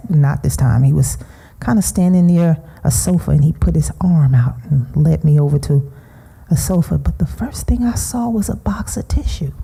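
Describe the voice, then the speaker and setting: Hushed, grieving woman with a dark, husky voice. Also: low voice. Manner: slow, halting, often dropping to a hushed whisper. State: grieving, emotional. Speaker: seminar speaker. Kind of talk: personal testimony talk.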